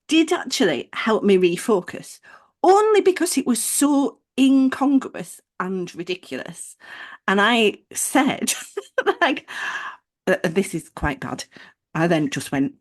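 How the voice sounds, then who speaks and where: A woman co-hosting a podcast, telling a personal story in a casual, animated way and acting out the people she quotes. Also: high voice. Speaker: podcast co-host.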